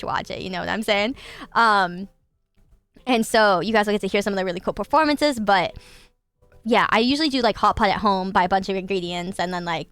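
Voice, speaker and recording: A woman's voice: mid-range voice, fairly bright tone, smooth, dry recording. A woman hosting a livestream, chatting casually with her viewers in a bubbly, giggly way with lots of filler words. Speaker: livestream host.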